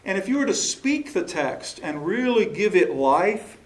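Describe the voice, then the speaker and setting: A man's voice: high voice, big pitch swings, moderate pace, few pauses. A man leading a choral workshop session, explaining and asking questions, now and then singing a short phrase to demonstrate. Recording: echoey room recording.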